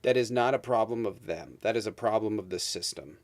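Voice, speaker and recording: A man's voice: on the low side, lively intonation, brisk, no room sound. A man in his thirties hosting a livestream, ranting emphatically about politics with heavy swearing. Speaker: streamer host. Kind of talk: heated political rant on a livestream.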